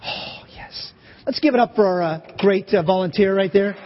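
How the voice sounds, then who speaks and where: A man's voice: high-pitched, moderate pace, a little hiss or hum. A man preaching a church sermon, playful and joking with volunteers on stage. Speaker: pastor. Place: church sanctuary. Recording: lo-fi with long hall reverb.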